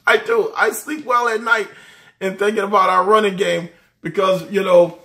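A man's voice: high voice, level tone, moderate pace, vocal fry, sharp tone. A man talking college football casually, enthusiastic, laughing often and repeating his words. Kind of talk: casual sports talk.

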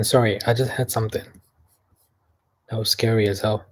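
A man's voice: fairly low pitch, level tone, moderate pace. A young man from Canada hosting a casual livestream, reading chat messages aloud and mocking people in a chatty way.

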